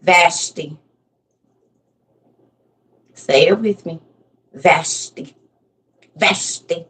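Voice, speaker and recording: A woman's voice: fairly low pitch, drawn-out words, fairly bright tone, far from the mic. A woman in her forties giving a casual Bible lesson, playful and constantly quizzing her listeners. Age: 40s. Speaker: Bible teacher.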